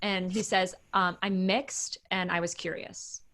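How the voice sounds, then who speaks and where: Woman, interview host, audiobook narrator, reads listener questions, brisk, encouraging. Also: lowish voice, flat delivery, a bit bright, slight background noise. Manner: brisk and encouraging, short affirming replies.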